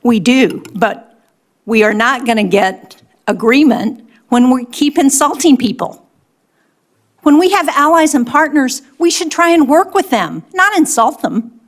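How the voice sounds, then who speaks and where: A woman's voice: high voice, expressive, a little slow. An older woman, a senator, pressing an official with firm, pointed questions at a hearing.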